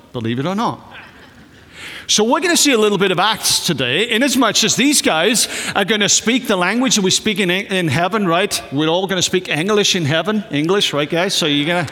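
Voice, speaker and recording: A man's voice: high-pitched, pushed and bright. A man, a pastor, introducing guests to his congregation in a conversational, joking way. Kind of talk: church service introduction. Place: church hall. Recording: long hall reverb.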